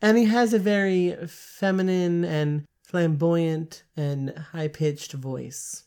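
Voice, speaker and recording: A woman in casual chat, co-hosting an audiobook review, playful and animated. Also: lowish voice, takes it slowly, clean tone. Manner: chatty, playful and animated, laughs often. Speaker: podcast co-host reviewing an audiobook.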